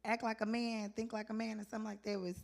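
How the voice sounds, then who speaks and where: A woman's voice: fairly high pitch, flat delivery, racing, gravelly, darkish tone. Rambling, chatty woman doing stand-up. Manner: chatty, rambling, loses her thread, laughs at herself. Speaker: stand-up comedian. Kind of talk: casual rambling stand-up comedy. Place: open mic venue stage.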